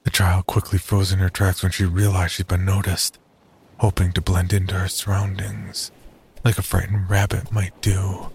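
A man narrating a horror story in a slow, measured, somber way. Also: low voice, monotone, vocal fry, darkish tone, a little hiss or hum.

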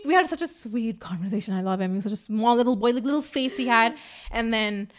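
A young woman co-hosting a podcast, telling a story in a loose, animated way, swearing freely and acting out what people said. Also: on the high side, fast talker. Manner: animated, swearing, acts out quotes. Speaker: podcast co-host. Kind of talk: casual storytelling chat.

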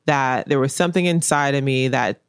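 A woman's voice: very deep voice, fairly quick, smooth, dry recording. Blunt, emphatic woman painter, dry sound. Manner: blunt and emphatic, repeats key phrases. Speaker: painter being interviewed. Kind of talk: candid casual interview talk.

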